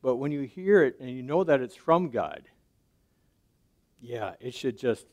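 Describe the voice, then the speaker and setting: A man preaching a sermon in a conversational way, often checking in with his listeners and dropping to a soft, low voice on key points. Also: very animated, measured pace, muffled recording. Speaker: pastor.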